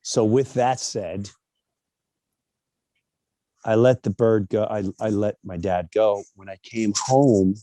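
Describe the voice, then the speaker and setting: A middle-aged man telling a personal story in a candid monologue, animated and emphatic, acting out the voices of people he quotes. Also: lowish voice, slow pace, pauses often, no echo.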